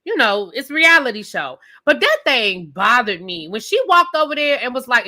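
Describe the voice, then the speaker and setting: A woman's voice: sits high, lively intonation, brisk, hardly any pauses, bright, forceful tone. A woman reviewing a reality TV show on a live stream, ranting with emphatic, profane commentary and talking straight to her viewers. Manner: direct address to viewers.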